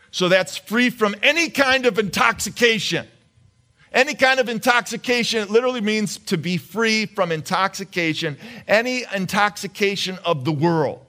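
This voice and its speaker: A man's voice: high voice, sharp tone. A male pastor preaching a conversational sermon, questioning the congregation and often repeating his words.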